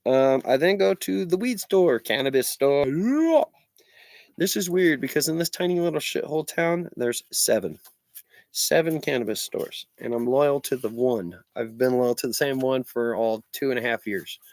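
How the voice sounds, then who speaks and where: A man's voice: mid-range voice, animated, normal speed, darkish tone, no room sound. A middle-aged man telling a story in a blunt, sweary, sarcastic rant to his vlog audience. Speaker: vlogger. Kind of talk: profane ranting storytelling.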